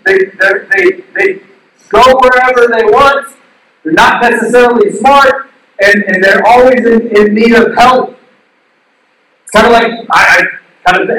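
A male pastor giving a sermon in an animated way, asking the crowd questions and acting out the quotes he tells. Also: high-pitched. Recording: distant mic in a very echoey hall.

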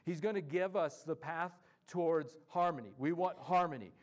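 A male pastor preaching a sermon in an animated, folksy way, acting out quotes. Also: a little high, normal speed.

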